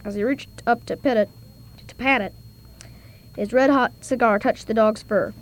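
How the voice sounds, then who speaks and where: A woman reads a story aloud with clear, steady narration. Her voice sits a little high. The delivery is plain and even. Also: normal speed, poor audio. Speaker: reader.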